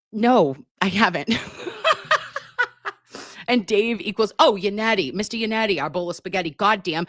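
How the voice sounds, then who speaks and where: A woman's voice: on the low side, no room sound, clean studio sound. A middle-aged woman hosting a livestream, reading viewer comments aloud and answering in a brash, profane, affectionate way. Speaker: livestream host reading chat. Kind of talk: casual livestream chat. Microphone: computer mic on a live stream.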